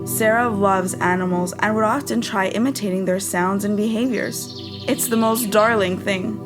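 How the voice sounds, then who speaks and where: Calm woman reading a horror story. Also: medium pitch, moderate pace. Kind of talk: scripted horror narration. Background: loud music.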